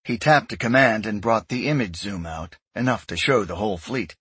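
A man giving scripted narration of a sci-fi story in a measured, even way. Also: on the low side, breathy edge, no room sound. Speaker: audiobook narrator.

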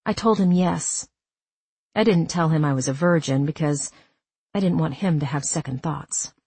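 Low husky woman narrating a memoir. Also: moderate pace, a little mellow, no echo. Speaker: audiobook narrator. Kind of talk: first-person audiobook narration.

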